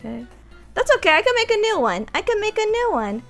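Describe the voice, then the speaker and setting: A woman streamer in casual live-stream chat, slightly hoarse, giggling and chatting with her viewers. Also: extremely high pitch, big pitch swings, fast talker, fairly bright tone, faint music behind.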